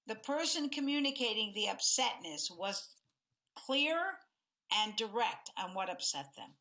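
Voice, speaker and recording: Her voice is slightly high and her pace measured. A middle-aged life coach hosting a self-help podcast, she speaks expressively and performs example conversations, shifting tone for each quoted line.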